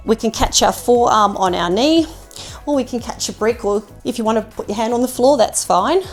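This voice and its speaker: A woman leading a yoga class, giving calm, encouraging cues with casual fillers, slightly out of breath. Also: a little high. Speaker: yoga instructor. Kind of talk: guided yoga class instruction.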